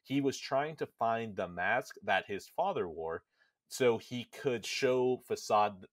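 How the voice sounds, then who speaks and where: A man hosting a podcast, retelling a game's story in a casual, animated way and quickly jumping into quoted lines from the characters. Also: medium pitch, no echo, clean studio sound. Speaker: podcast host.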